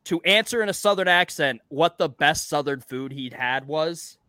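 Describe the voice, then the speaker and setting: A man's voice: fairly high pitch, animated, normal speed, sharp tone, clear, resonant tone, no echo, clean studio sound. A man co-hosting a sports podcast in casual chat, joking and swearing freely. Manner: profane, joking banter. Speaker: podcast co-host.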